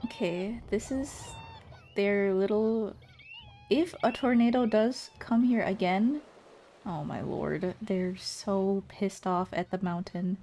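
A woman VTuber streaming a game, reacting in excitable, panicky bursts with repeated shouts and frequent swearing. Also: mid-range voice, slow pace, a little hiss or hum. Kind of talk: casual live gameplay commentary.

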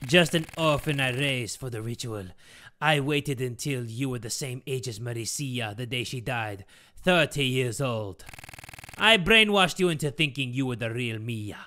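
A man voicing a scheming old father and cult villain, gloating slowly in a strange put-on accent. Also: medium pitch, pushed and bright, pitched below the performer's own voice, natural voice. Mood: menacing.

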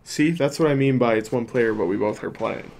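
A man's voice: mid-range voice, a little fast, creaky, a little mellow, faint music behind. A man casually thinking aloud and joking while playing a video game. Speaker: let's play host. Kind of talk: casual gameplay commentary.

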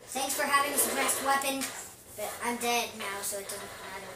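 A woman's voice: a little high, moderate pace. A woman casually commenting on her own gameplay, chatty and giggly, talking to herself as she plays. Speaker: gaming vlogger. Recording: echoey room, distant mic, noisy.

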